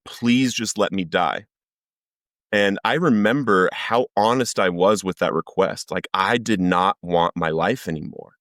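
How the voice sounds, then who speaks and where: A man's voice: lowish voice, fairly bright tone, no room sound, studio quality. A man, a podcast guest, giving an earnest personal recovery testimony as vivid storytelling that acts out the lines he quotes.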